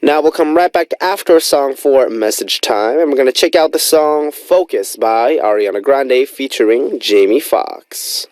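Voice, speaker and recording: A man's voice: expressive, normal speed, few pauses, a little mellow, no room sound, rough recording. A man in his twenties hosting a radio music show, upbeat and enthusiastic in a studio. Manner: bouncy, enthusiastic, big pitch swings. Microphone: studio microphone.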